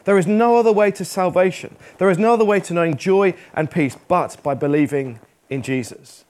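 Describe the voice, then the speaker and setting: A man's voice: sits high, brisk, darkish tone. A man preaching a sermon in church, earnest and emphatic, repeating phrases and reading scripture aloud.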